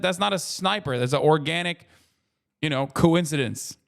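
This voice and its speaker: A man's voice: on the high side, brisk, creaky, fairly bright tone, smooth. A man talking casually as a streamer while reacting to a video, rambling and swearing a lot as he acts out how strangers react to him. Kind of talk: casual profane commentary.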